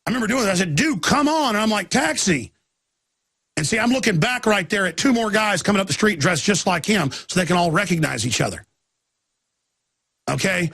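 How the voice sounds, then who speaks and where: Talk radio host, male, high-pitched and gravelly; rambling, intense monologue full of restarts and bursts of volume. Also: quick pace, a bit bright, dry recording, studio quality. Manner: intense, rambling storytelling with frequent restarts and outbursts.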